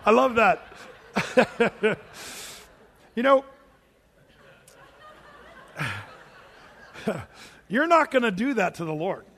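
A man preaching a sermon in a church, telling stories with animated delivery and laughing with the congregation. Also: high-pitched, very slow, long pauses, big-room sound. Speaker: pastor. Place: church sanctuary.

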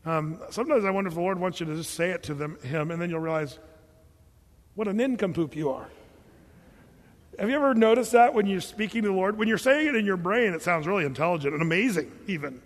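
High-pitched guy preaching, jokey, does little voices, echoey hall sound. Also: fast, hardly any pauses. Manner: animated, joking, acts out quoted voices. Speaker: pastor. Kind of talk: sermon. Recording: long hall reverb.

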